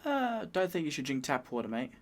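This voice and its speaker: A British man hosting a reaction video, making relaxed, chatty asides and agreeing readily. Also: a little high, brisk. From United Kingdom. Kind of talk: casual reaction commentary.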